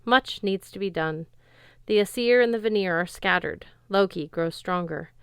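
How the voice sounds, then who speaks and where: Woman doing a calm gentle god dad, formal and solemn, smooth dry voice. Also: medium pitch, normal speed, no echo, close to an everyday voice.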